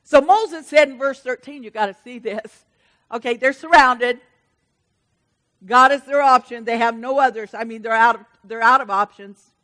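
A woman preaching a sermon with an animated, dynamic delivery that swings between hushed and loud. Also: on the high side, normal speed, big-room sound, poor audio.

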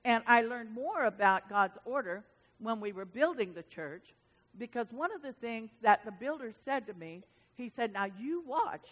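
A woman's voice: on the high side, animated, normal speed, a bit bright. A woman pastor giving a sermon. She talks to the congregation like she is telling a story, and she repeats words for emphasis. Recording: long reverb of a large hall.

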